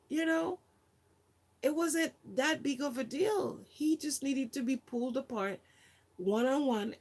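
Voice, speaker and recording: A woman's voice: high voice, a little slow, darkish tone. A woman volunteer telling a personal story in a casual, chatty way, with lots of fillers. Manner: chatty, many fillers, acts out quotes.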